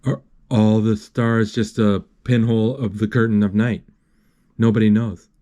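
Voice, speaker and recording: A man voicing an old Spanish swordsman mentor who speaks calmly, in lofty sayings, while retelling a movie. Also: fairly low pitch, measured pace, muffled recording, natural voice. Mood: solemn.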